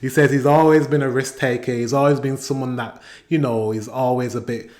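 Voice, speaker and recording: A British man talks through a song he is reacting to, easygoing and conversational, repeating phrases like "do you know what I mean". His voice sits at an ordinary middle pitch for a man, and he reads lyric lines aloud before breaking them down. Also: fairly even intonation, brisk, a little mellow. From Britain. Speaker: reaction video host. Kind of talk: casual reaction commentary.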